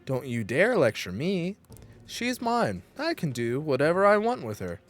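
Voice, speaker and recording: A man's voice: a little high, wildly swooping pitch, unhurried, soft background music. A man voicing an arrogant, abusive villain in a dramatic reading of game dialogue, snarling and threatening. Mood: menacing.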